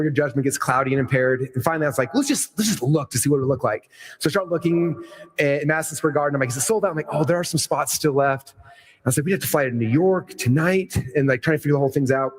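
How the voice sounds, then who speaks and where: A middle-aged man speaking on stage to a live audience, telling a long rambling story in an excited, playful way. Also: medium pitch. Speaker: keynote speaker.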